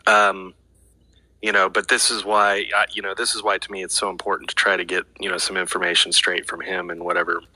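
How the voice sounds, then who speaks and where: A man with a very low, flat voice speaks cautiously, pausing on fillers. His tone is bright and cutting despite the depth, recorded dry and close. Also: no echo, low-quality recording. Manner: hesitant, careful, many fillers. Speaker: guest speaker.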